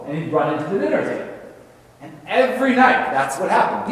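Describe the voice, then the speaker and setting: A man's voice: high-pitched, big pitch swings, brisk, a bit bright. A man in his thirties, a teacher giving a talk, telling stories with sound effects and restarts. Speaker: religion teacher and speaker. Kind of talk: talk on saints. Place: large hall at a spiritual center. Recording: echoey hall, mic far off.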